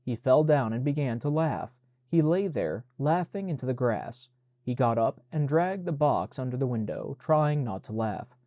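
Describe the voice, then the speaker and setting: Man narrating in a mellow, dry voice. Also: mid-range voice, lively intonation, moderate pace, dry recording. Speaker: audiobook narrator. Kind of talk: scripted narration.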